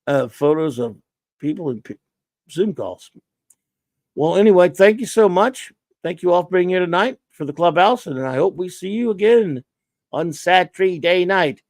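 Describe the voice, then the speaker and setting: A man hosting a casual livestream, rambling and chatty as he greets viewers by name one after another. His voice sits a bit high for a man and sounds dry and close, with no room around it. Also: darkish tone, no room sound. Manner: rambling, reads out viewer names and thanks them. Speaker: livestream host.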